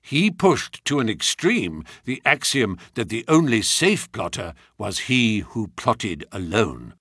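An expressive man narrates a first-person story, and his pitch moves a lot as he reads. His voice is bright and edgy, with a husky grain. The recording is close and dry, with no room around it. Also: takes it slowly, dry recording. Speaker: audiobook narrator.

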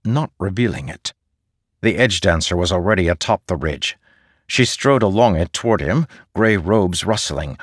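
Deep-voiced male audiobook narrator. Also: no room sound, clean studio sound. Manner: measured, steady storytelling. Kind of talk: scripted fantasy narration.

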